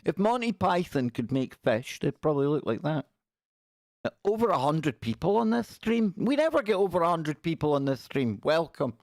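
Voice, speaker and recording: A man's voice: a little high, sing-song, normal speed, darkish tone, dry recording, studio quality. A man hosting a live stream, chatting casually and joking as he reacts to pictures. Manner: jokey, reacting aloud to pictures with quips. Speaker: livestream host.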